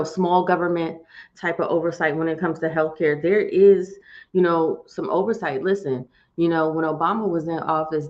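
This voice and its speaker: Chatty woman hosting a live stream. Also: fairly low pitch. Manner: chatty, folksy, addresses viewers as y'all. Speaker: host. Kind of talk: live-stream morning show chat. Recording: dull lo-fi stream audio.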